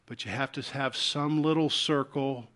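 A man with a Southern US accent preaching a sermon as pastor, swinging between loud urgent calls and soft hushed appeals. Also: medium pitch, fairly even intonation, measured pace.

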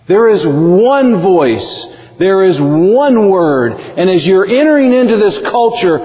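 A male pastor preaching a sermon in an emphatic, animated way. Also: high voice, slow pace, few pauses. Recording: dull lo-fi audio with long hall reverb.

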